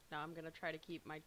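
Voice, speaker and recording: A woman's voice: medium pitch, a bit bright, a little hiss or hum. A woman live streamer chatting casually into her computer mic while she eats, upbeat and talkative. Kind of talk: casual livestream chat.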